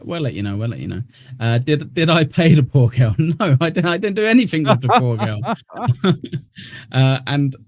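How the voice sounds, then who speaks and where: A man's voice: medium pitch, darkish tone, no room sound. A young man co-hosting a casual podcast, teasing his co-host with crude jokes, laughing often and reading out donations. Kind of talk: crude casual banter reacting to clips.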